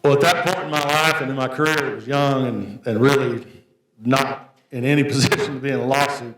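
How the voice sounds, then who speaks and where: A man's voice: medium pitch, a little fast, fairly bright tone. A man, an auctioneer, giving a plain-spoken, story-filled tribute speech at an award event. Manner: folksy, anecdotal, plain-spoken. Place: banquet hall. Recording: echoey hall, voice from a distance.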